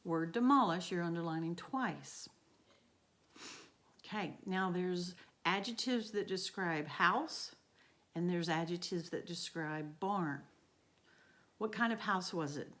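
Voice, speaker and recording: A woman teacher speaks slowly in a lowish, slightly bright voice, leaving long pauses. She guides students through a recorded remote grammar lesson, posing questions and answering them herself.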